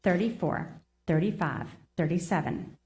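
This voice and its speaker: A woman's voice: lowish voice, lively intonation, moderate pace, a little mellow. A woman chairing a public meeting. She reads long lists of agenda numbers and apologizes often.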